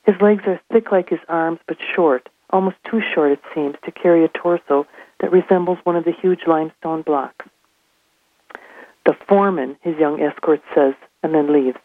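A woman reading aloud from her own novel in a steady, measured narration. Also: low voice, no room sound. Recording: tinny phone line.

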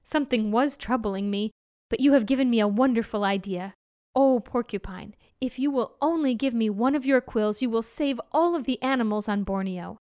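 A woman voicing a clever, brave little female mouse in a storybook, speaking politely and quick-wittedly. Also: on the high side, a little mellow, natural voice. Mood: earnest.

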